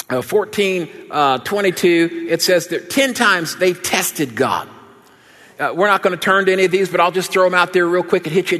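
A man preaching a sermon, telling a childhood story in an animated, folksy way before listing scripture references. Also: high voice. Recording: long hall reverb.

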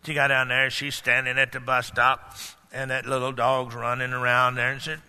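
Preacher guy, gravelly and bright, hall echo, gets loud and shouty. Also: medium pitch, fairly even intonation, moderate pace. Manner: folksy, rising to shouted emphasis. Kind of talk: sermon.

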